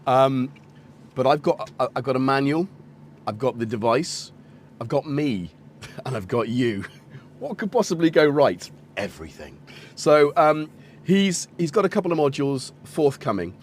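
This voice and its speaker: A man's voice: mid-range voice, very animated, moderate pace, slight background noise. Chatty man hosting a synth stream. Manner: rambling, chatty, self-correcting, greets viewers. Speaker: host of a live synth stream. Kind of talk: casual live-stream chat and product demo.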